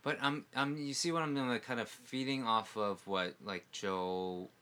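Bright-voiced man in easy chat. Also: mid-range voice, normal speed. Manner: animated, laughing, trailing off mid-sentence. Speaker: musician and comedian. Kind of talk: casual chat.

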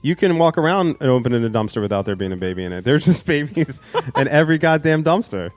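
Fast-talking man riffing crude jokes. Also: fairly high pitch, big pitch swings. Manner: rapid, profane ad-libbing. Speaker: podcast co-host.

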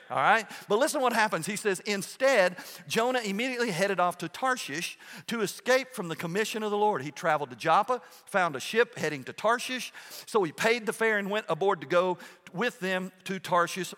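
Pushed and bright, a high male voice echoes through a big church sanctuary as a pastor preaches conversationally. He often asks "okay?" and keeps restarting phrases and repeating words.

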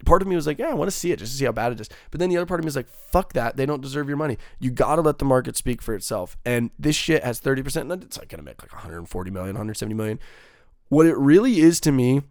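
A man's voice: medium pitch, lively intonation, very fast, no echo, studio quality. Heated, profane young man ranting. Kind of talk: casual podcast rant.

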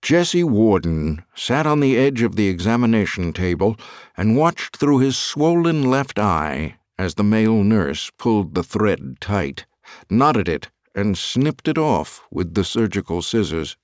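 Give me a deep-voiced man narrating an audiobook, lively and expressive, dry studio sound. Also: a little slow, no room sound.

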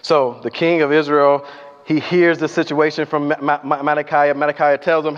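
A man preaching a sermon in a large hall, his voice carrying a long reverb tail. He retells the scripture with animated storytelling and slips into voices for the characters. The recording is muffled and lo-fi, and his pitch sits a little above the usual for a man. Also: normal speed, faint music behind. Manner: animated storytelling, acting out voices and asking the congregation questions.

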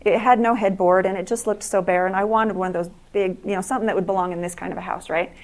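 A woman's voice: mid-range voice, fairly even intonation, fast, darkish tone. A middle-aged woman giving a speech to an audience, telling stories earnestly and often restarting and repeating words. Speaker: speaker at an evening event.

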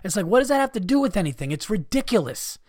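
Guy ranting on his podcast, swearing a lot, kinda high voice, dry close sound. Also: very animated, quick pace, a little mellow, dry recording. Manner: profane, exasperated ranting with mocking mimicry. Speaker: podcast host. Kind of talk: ranting monologue.

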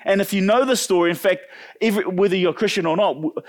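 A man delivers a sermon in a conversational, animated way. His voice sits a little high for a man, and he acts out the characters he quotes with sudden leaps in pitch. He often repeats and restarts his words as he goes. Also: fast talker. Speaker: pastor.

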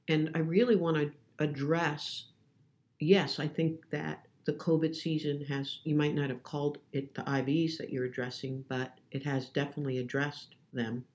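A woman's voice: deep voice, steady tone, moderate pace, a little mellow. Earnest woman guest speaking on faith. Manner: earnest, preacherly emphasis. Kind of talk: faith-based conversation.

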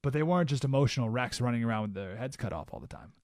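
A man's voice: medium pitch, animated, racing, a little mellow, dry recording. A man hosting a talk radio show, giving an emphatic monologue full of rhetorical questions in a studio. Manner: emphatic, rhetorical questions, keeps asking "right?".

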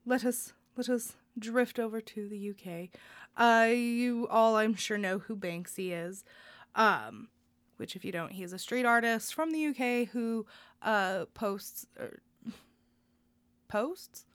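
Earnest young woman, higher voice, dry sound. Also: a little slow, fairly bright tone, clear, resonant tone, no echo. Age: young adult. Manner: earnest, heartfelt, rambling with fillers. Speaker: podcast co-host. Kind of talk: casual news chat.

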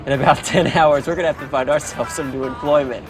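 A man's voice: a little high, fairly even intonation, fast talker, over music, natural voice, poor audio. A man playing an easygoing young buddy. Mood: joking. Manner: easygoing, teasing. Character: laid-back young man joking with his best friend.

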